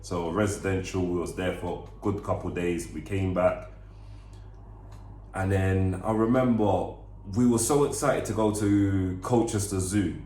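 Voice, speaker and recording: A young man with a very low voice tells a personal story on a vlog. He talks earnestly and haltingly, restarting his words. The room echoes around him. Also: steady tone, a little mellow, a little hiss or hum. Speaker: vlog co-host.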